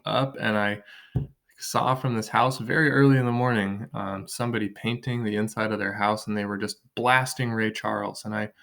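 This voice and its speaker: A man's voice: lowish voice, fairly even intonation, moderate pace, gravelly, fairly bright tone. A man teaching an online writing lesson from his kitchen table, thinking aloud and counting syllables as he drafts.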